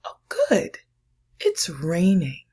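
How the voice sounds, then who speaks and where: A woman's voice: sits low, expressive, takes it slowly, gravelly, husky, exaggerated voice. A woman reading as a happy rain-loving duck. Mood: cheerful. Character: duck who loves the rain.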